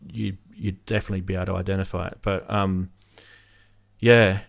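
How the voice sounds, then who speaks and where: A man's voice: sits low, level tone, fairly quick, vocal fry. A man with a light Australian accent, hosting a casual live-stream chat and rambling with many ums. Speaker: host.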